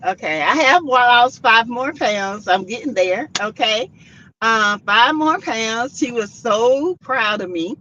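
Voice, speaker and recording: Slow-talking woman hosting a livestream. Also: a little high, animated, pushed and bright, slight background noise. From South Carolina. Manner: chatty, greets viewers by name. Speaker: livestream host. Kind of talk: casual livestream chat. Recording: dull lo-fi livestream audio.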